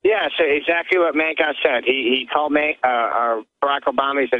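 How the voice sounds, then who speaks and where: A man's voice: mid-range voice, fairly even intonation, a little fast, few pauses. A man working as a radio show producer, speaking by phone and giving a hesitant, plain account. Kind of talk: phone interview. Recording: tinny phone line.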